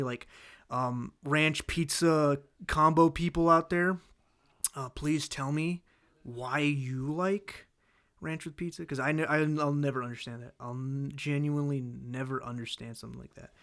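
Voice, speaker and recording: A man's voice: on the high side, a bit bright. A man hosting a casual solo talk show, rambling through food complaints with many restarts, fillers and exasperated outbursts. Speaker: host.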